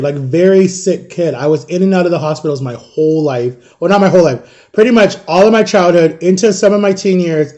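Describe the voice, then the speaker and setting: A man in his thirties with a high voice and dark tone vlogs while eating. He tells his viewers a lengthy personal story in a relaxed, rambling way, full of fillers and directly addressing them as "guys."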